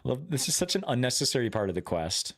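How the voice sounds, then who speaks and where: A man's voice: mid-range voice, big pitch swings, quick pace, dry recording, studio quality. A man making joking, wry asides while he streams a game. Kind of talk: casual gaming commentary.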